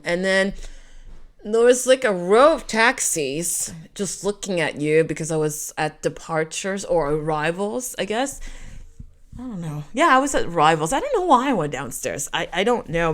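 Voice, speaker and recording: A woman's voice: lowish voice, moderate pace. A woman, telling a rambling personal story in a casual vlog. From Quebec. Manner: animated, rambling, self-interrupting. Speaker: storyteller vlogger.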